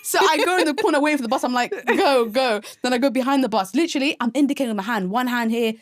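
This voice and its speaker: Young woman, podcast co-host, rapid animated storytelling, dry sound. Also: high voice, no echo. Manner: animated, fast storytelling with many fillers and squealed quotes. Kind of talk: casual chat, storytelling. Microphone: podcast microphone.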